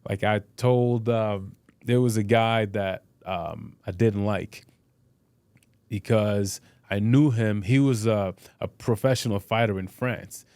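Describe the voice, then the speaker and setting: Middle-aged guy with a lowish voice, swearing a lot, rambling through fight stories, dry close mic. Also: slow, darkish tone, smooth, no room sound. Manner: blunt and profane, with many restarts and "you know". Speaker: podcast guest, boxer and fitness trainer. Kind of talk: casual interview storytelling.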